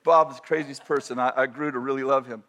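A man telling a personal story in a sermon, animated and self-interrupting, often repeating and restarting his phrases. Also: mid-range voice, fast.

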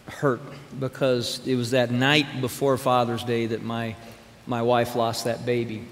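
A man's voice: mid-range voice, little pitch movement, a little slow. A man telling a personal story in a sermon. He talks conversationally and speaks directly to the congregation in a church. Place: church sanctuary with an audience. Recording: reverberant hall, faint room ambience.

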